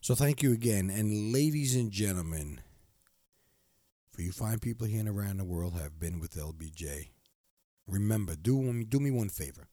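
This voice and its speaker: Middle-aged guy podcasting solo, kinda low voice, lots of uh and you know, dead dry mic. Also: lively intonation, normal speed, no room sound. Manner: warm, rambling, many fillers and restarts. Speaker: podcast host. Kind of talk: casual solo podcast monologue. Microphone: close studio microphone.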